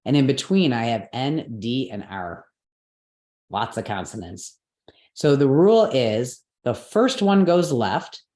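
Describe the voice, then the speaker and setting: A woman's voice: extremely low pitch, sing-song, takes it slowly, mellow. A woman teaching Sanskrit pronunciation rules in an explanatory class, patiently checking that her students follow along. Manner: patient, checks understanding with frequent "right?" and "okay". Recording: roomy echo.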